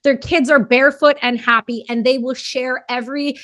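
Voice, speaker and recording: A woman's voice: high-pitched, steady tone, moderate pace, a bit bright, no room sound, clean studio sound. A woman hosting a podcast interview, who talks bluntly and emphatically and swears casually. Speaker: podcast host.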